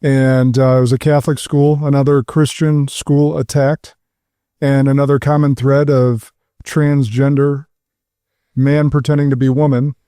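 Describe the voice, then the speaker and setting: A middle-aged man hosting a roundtable podcast, speaking earnestly and in a measured way. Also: mid-range voice, mellow, dry recording, clean studio sound. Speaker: podcast host. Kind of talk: roundtable discussion.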